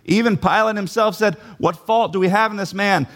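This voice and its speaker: A man's voice: high-pitched, fairly quick, fairly bright tone. A man preaching a sermon, emphatic, repeating key phrases and putting questions to his listeners.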